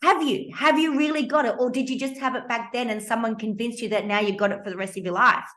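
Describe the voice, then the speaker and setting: An Australian woman in her fifties hosting a podcast, telling a personal story in an animated, emphatic and blunt way. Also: on the high side, fast. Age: 50s. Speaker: podcast host.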